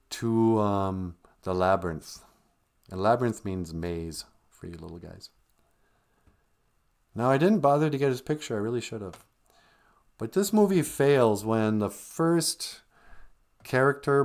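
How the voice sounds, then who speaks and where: Rambling, low-voiced male streamer. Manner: rambling, joking storyteller. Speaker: live stream host. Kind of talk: casual film recap.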